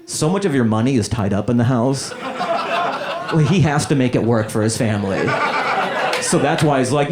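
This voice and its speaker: A man in his thirties performs stand-up on a comedy club stage, jumping between his own voice and quick character bits. His pitch swings widely and lively. Loud crowd laughter rolls in behind him.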